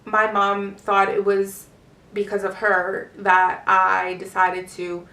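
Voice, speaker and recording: A woman's voice: mid-range voice, completely flat delivery, takes it slowly, bright, forceful tone. A woman in her twenties telling a personal story in a casual, rambling way, full of fillers and swearing. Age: 20s. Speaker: vlogger. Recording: roomy echo, distant mic.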